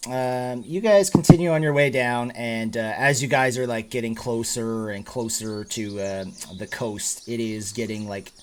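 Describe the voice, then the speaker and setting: A man's voice: mid-range voice, steady tone, measured pace, hardly any pauses. A man narrating as game master, with a loose, rambling delivery full of fillers.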